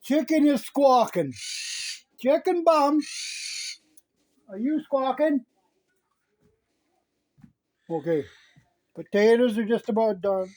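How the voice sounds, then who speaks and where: A man's voice: very high-pitched, lively intonation, takes it slowly, long pauses, darkish tone. A man hosting a casual cooking vlog, chatting as he shows the meal and teasing a pet chicken, often asking "right?". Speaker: outdoors channel host.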